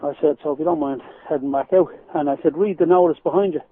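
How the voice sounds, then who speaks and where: Irish male guest, lively storyteller, talks fast, calling in over a phone line. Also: a little high, husky. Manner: animated storyteller, laughs while telling anecdotes. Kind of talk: phone-in radio interview. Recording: tinny phone line, dry.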